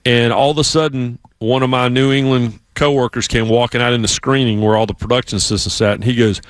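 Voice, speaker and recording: A man's voice: mid-range voice, fast, dry recording. A man from South Carolina with a Southern accent, hosting a sports radio show and telling stories in casual chat. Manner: storytelling, lively put-on voices for others.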